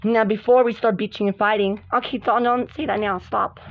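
A woman voicing several girl characters in a hobby drama, exclaiming frantically and swinging between shouts and mutters. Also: mid-range voice, fairly even intonation, fairly quick, a little hiss or hum. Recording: dull lo-fi recording with music behind.

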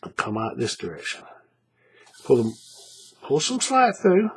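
A man's voice: mid-range voice, huge pitch swings, unhurried, fairly bright tone, husky. A man teaching a paracord bracelet craft in a hands-on tutorial, chatty and repetitive, often checking in with the viewer. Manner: chatty, repeats steps, checks in with "right?".

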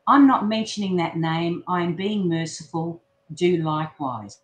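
A woman reading the lines of Jesus, a calm man gently teaching his disciples, in a measured, merciful way. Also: on the low side, voice pushed down. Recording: roomy echo.

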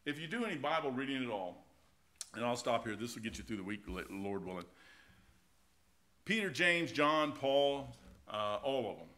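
Folksy, animated pastor with a bright voice. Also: male voice, medium pitch, moderate pace, long pauses. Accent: American. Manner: folksy and animated, keeps saying "man", tells anecdotes. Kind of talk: informal verse-by-verse sermon. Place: church sanctuary.

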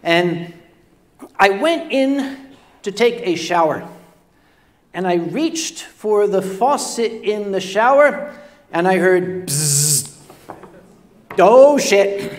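High-voiced older man telling stage stories. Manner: self-deprecating, stammers and repeats words. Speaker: on-stage storyteller. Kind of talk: comedic stage storytelling. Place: convention stage before a live audience.

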